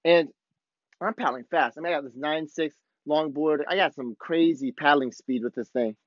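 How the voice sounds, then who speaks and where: A male podcast host telling a surf story in excited, laid-back surfer talk. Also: fairly high pitch, normal speed, dry recording, dull audio. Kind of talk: casual storytelling monologue.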